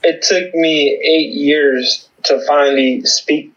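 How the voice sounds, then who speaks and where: A man speaking as an interview guest, giving a halting personal testimony full of fillers, heard over a remote call. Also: on the high side, fairly even intonation, a bit bright, muffled recording. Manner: halting, many fillers and restarts.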